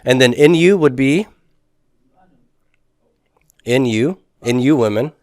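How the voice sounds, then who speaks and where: A man's voice: mid-range voice, slow pace, darkish tone, dry recording, studio quality. A man teaching a Hebrew grammar class, patiently asking students questions and confirming their answers.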